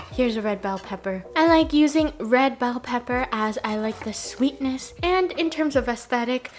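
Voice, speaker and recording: A woman hosting a cooking video in a casual, playful, jokey way, with sing-song asides. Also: high-pitched. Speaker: cooking show host.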